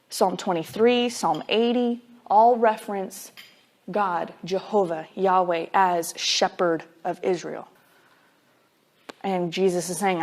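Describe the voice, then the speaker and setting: A woman's voice: fairly low pitch, measured pace. A woman Bible teacher giving a conversational sermon, casual and emphatic, dropping frequent "like" fillers as she explains.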